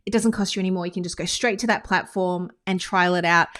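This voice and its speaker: A woman's voice: fairly low pitch, fairly even intonation, fairly bright tone. Chatty Australian woman coaching to camera. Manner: chatty, enthusiastic, quick asides. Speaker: business coach. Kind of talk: casual teaching monologue to camera. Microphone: screen-recorded talking head with whiteboard.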